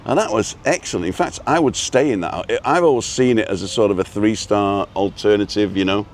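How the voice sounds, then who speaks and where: Speaking a little fast in a lowish voice, a man livestreams as he walks a street in a seaside town. He jokes, chats casually and reads out viewer names, with a little hiss or hum in the audio.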